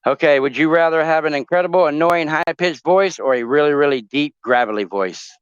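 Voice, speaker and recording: A man's voice: a little high, a little fast, clean tone, dry recording, dull audio. A man hosting a casual talk show, joking and rambling through would-you-rather questions with lots of fillers.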